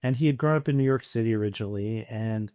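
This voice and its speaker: Middle-aged man telling lively stories. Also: lowish voice, fast talker, no room sound, studio quality. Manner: lively anecdotes, acts out quoted dialogue. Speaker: entrepreneur guest. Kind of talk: casual storytelling on a podcast.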